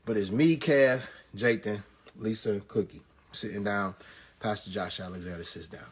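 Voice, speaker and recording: Husky man telling a comic story. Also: lowish voice. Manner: animated, jokey, rapid asides and punchlines. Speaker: pastor. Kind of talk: comedic storytelling recap.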